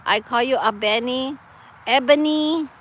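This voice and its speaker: A woman's voice: high-pitched, unhurried, fairly bright tone, a little hiss or hum, low-quality recording. A woman chatting casually outdoors with her live-stream viewers, laughing often and reading out their comments. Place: outdoors, wind and trees nearby.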